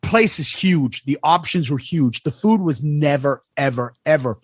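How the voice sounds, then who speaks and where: A man co-hosting a podcast, telling travel stories in a casual, profane, animated way. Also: fairly high pitch, a little slow, husky, no echo. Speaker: podcast co-host. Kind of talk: casual chat.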